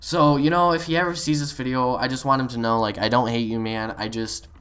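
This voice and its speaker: A young man telling a gaming story in a casual, excited, rambling way, full of fillers. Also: mid-range voice, a little fast. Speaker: gaming vlogger.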